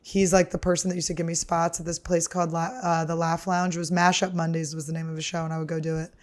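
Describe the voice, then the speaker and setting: With a lowish voice and a quick pace, this comedian runs her podcast like a chat, telling casual stories. She's animated, curses without restraint, and laughs as she goes.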